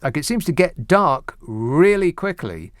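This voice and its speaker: A man's voice: a little high, sing-song, measured pace, no room sound. A middle-aged man talks on late-night radio in a dry, close studio sound. His wry, rambling asides build into mock-indignant grumbles, broken up by stammered restarts. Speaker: radio talk show host. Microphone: studio microphone.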